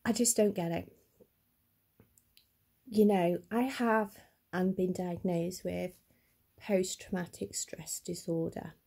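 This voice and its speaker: A middle-aged woman speaks to camera in a personal vlog, upset and halting, with a slight stammer. Her voice is husky and mellow, a little low for a woman. She talks slowly and earnestly. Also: steady tone. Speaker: vlogger.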